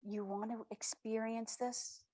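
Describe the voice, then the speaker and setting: A woman's voice: fairly high pitch, measured pace, dry recording. A woman as a patient, kindly sun. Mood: gentle. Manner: calm, patient, reassuring. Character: kindly all-knowing sun, gentle divine elder.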